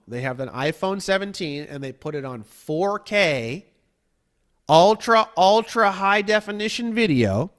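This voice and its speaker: Profane, rambling man with a high voice. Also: big pitch swings, normal speed, fairly bright tone. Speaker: guest. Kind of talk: casual podcast chat.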